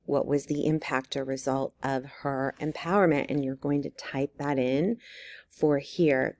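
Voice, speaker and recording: A woman teacher walking students through an essay outline step by step, encouraging and full of ums and quick check-ins. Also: low-pitched, darkish tone, no room sound. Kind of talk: recorded writing lesson walkthrough.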